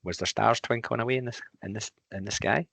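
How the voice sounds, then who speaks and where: A very deep-voiced man, hosting a casual podcast. The recording is close and dry, with no room sound. He asks questions hesitantly and fills the gaps with ums. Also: fast talker, vocal fry, a bit bright, husky, dry recording. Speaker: podcast host.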